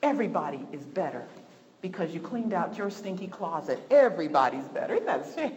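A woman leading an informal church lesson, talking in a conversational, repetitive and lively way. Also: on the low side, brisk, big-room sound, low-quality recording. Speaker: Bible study teacher. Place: church hall.

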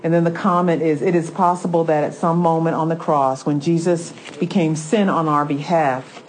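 A woman's voice: low-pitched, fairly even intonation, normal speed, darkish tone, slight background noise, poor audio. A woman teaching a Bible lesson with fervor, reading scripture aloud and breaking into exclamations of praise.

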